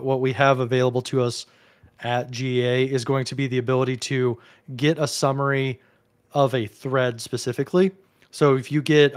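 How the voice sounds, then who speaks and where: A man's voice: medium pitch, smooth. A man co-hosting a casual tech discussion, thinking aloud with hedges and restarts. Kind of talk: casual explanatory chat.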